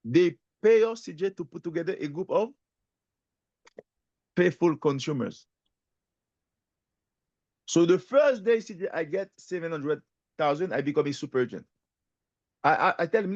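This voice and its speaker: Gravelly, emphatic male guest speaker. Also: on the high side, moderate pace, long pauses, no echo. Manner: emphatic, animated storytelling, keeps addressing the host by name. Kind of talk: motivational sales talk. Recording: dull lo-fi audio.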